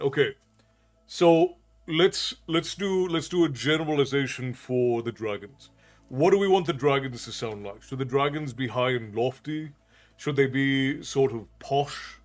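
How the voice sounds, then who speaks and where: A man with an unusual Irish accent, chatting with viewers on a live stream and answering their comments aloud. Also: mid-range voice. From Ireland. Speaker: storytelling streamer.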